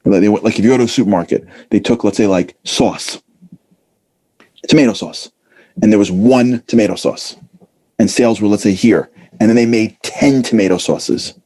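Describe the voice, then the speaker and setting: Man, motivational talk, husky voice, mellow tone, lively acted asides. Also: on the low side, normal speed. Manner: animated, acts out voices, casual fillers. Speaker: speaker.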